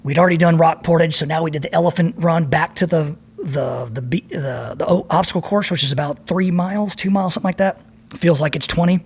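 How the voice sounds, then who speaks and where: A man's voice: fairly high pitch, fast talker, vocal fry, slightly rough. A man in his fifties, a podcast guest, telling rambling, profane war stories in a casual way. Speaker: podcast guest, former Navy SEAL. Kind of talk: casual storytelling.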